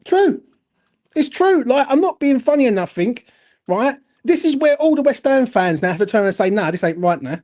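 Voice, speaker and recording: Angry fan-channel host, high voice, swears nonstop, ranting. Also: male voice, big pitch swings, moderate pace, a little mellow. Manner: angry, sweary, repeats "do you know what I'm saying". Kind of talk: heated football fan rant.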